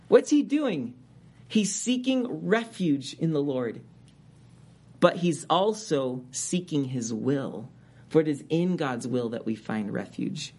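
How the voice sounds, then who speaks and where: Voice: mid-range voice, animated, slow, darkish tone, slightly rough. A preacher giving a conversational expository sermon, stressing key words with sudden rises.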